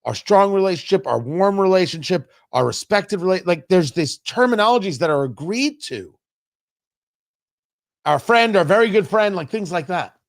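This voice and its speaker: A male talk show host delivering opinionated political commentary. His voice sits high and swings widely in pitch, and he leans hard on key words with drawn-out pauses. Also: lively intonation, vocal fry.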